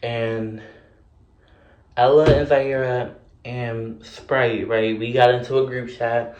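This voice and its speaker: A young man casually telling a story in a vlog, animated and sassy, full of fillers and cursing. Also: medium pitch, slow pace, roomy sound, dull audio.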